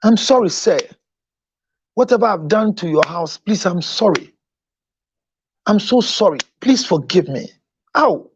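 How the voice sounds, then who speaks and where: A man's voice: high-pitched, muffled recording, noisy background. A man voicing a pleading divorced woman. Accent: Ghanaian English. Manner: begging, apologetic.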